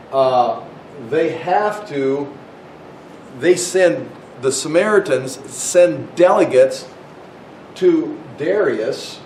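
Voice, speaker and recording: A man's voice: darkish tone, recorded from a distance. A man giving an informal Bible history lecture, talking conversationally with frequent restarts and acting out quoted voices. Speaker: Bible teacher. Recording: echoey room with faint rumble.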